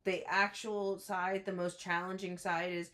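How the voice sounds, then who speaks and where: Chatty low-pitched woman podcaster. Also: unhurried. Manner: chatty, many fillers, animated quoting of characters. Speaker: podcast co-host. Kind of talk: casual book discussion.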